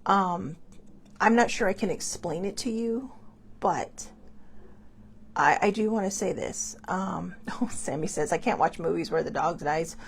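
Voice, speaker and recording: A woman hosting her own show, talking casually and emotionally about losing a pet, halting and restarting often. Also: on the low side, gravelly, slight background noise. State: tearful, grieving. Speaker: host. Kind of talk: casual personal talk.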